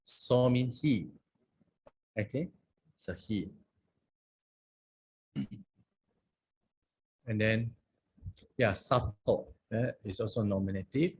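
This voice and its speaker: With a fairly low-pitched, darkish, slightly rough voice, this Buddhist monk leads a lesson on a scripture language. He recites the verses slowly, often pausing to ask "okay?" or "huh?".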